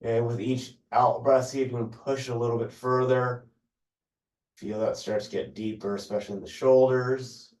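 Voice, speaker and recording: A man leading a yoga class, giving calm, unhurried cues for stretches and breathing. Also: medium pitch, reverberant, recorded from a distance. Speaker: yoga instructor. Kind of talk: guided yoga class instruction.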